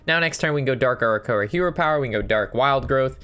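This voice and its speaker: A man's voice: mid-range voice, expressive, quick pace, pushed and bright, soft background music. Man casually thinking aloud over a card game. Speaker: game streamer. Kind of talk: casual gameplay commentary.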